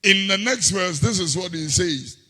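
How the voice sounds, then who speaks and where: Ghanaian preacher with sudden shouts. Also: male voice, high-pitched, animated, normal speed, big-room sound, a crowd in the background. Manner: swings between quiet reading and sudden shouts, sing-song delivery. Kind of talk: sermon.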